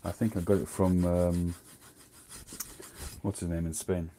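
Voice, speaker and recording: A man's voice: low-pitched, level tone, unhurried, mellow, a little hiss or hum. A middle-aged man, hosting a casual livestream chat, rambling and drifting off topic as he talks. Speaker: host.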